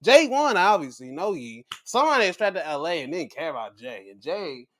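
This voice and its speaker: A man hosting a podcast, recapping matches in casual, profane talk and acting out quotes in a high voice. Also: big pitch swings, fairly quick, a bit bright. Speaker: podcast host.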